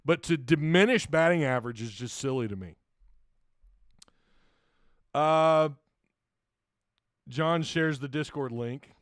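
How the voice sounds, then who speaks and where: A man's voice: on the high side, slow pace, pauses often, dry recording, studio quality. Chatty, chuckling sports-show host man. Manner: rambling, chuckling often, self-deprecating; reads viewer comments and sponsor plugs aloud. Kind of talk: casual livestream sports chat.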